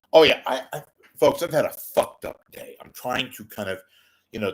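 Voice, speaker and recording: A man's voice: on the low side, fairly bright tone. A man hosting a rambling, self-mocking livestream monologue, often repeating words as he talks close to his webcam. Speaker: livestream host. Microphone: webcam close to face.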